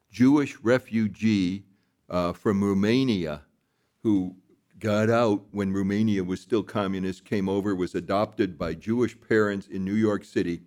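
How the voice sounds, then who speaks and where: A man's voice: fairly low pitch, darkish tone. Grave, emphatic man guest. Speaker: foundation leader, guest. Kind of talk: interview discussion.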